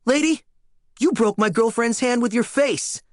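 A man voicing an excitable young man who speaks in loud, indignant exclamations. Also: high-pitched, moderate pace, dry recording, clean studio sound, voice pushed up. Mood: outraged.

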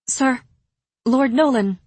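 A woman's voice: sits high, slow, darkish tone, breathy edge, dry recording, voice pushed up, exaggerated voice. A woman voicing a pleading, frightened young woman. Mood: shaken.

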